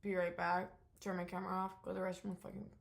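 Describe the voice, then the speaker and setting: A woman's voice: fairly low pitch, flat delivery, fast, creaky. A young woman giving a casual, unscripted vlog update, talking candidly with lots of fillers and the odd swear word. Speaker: vlogger.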